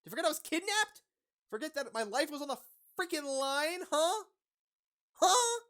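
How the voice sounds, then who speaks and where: Woman voicing a high-strung young heroine; loud, indignant, very lively. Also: normal speed. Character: excitable young woman sidekick, loud and dramatic.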